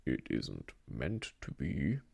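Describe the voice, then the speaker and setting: A soft-spoken reader voicing a fussy, wary male rabbit in whispered role-play. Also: rumbling low, very animated, slow pace, gravelly, breathy edge, pitched below the performer's own voice, exaggerated voice. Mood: guarded. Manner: prim, cautious, fussy.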